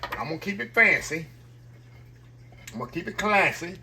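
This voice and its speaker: A middle-aged man fixing food in his kitchen, talking straight to his viewers in a loose, folksy way. His slightly high voice jumps around in pitch with a lot of life, and a faint clink of dishes and pans sits behind him. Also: very animated, brisk, pauses often, noisy background. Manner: folksy, chatty, talks straight to viewers as y'all. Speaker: cooking vlogger. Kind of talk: casual cooking vlog. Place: home kitchen.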